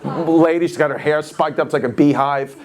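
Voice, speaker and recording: A stand-up comedian telling an animated story, laughing as he goes and acting out the other voices. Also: on the high side, fairly quick.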